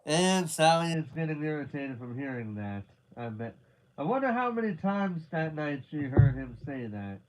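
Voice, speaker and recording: A man doing live watch-along commentary, reacting excitably with slangy "dude" and "bro" asides and casual swearing. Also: on the high side, moderate pace, a little hiss or hum. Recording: dull lo-fi stream audio.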